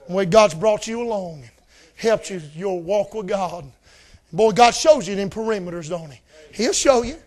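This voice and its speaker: A man preaching a fiery revival sermon in a folksy style, shouting often. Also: high-pitched, expressive, normal speed. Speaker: visiting preacher.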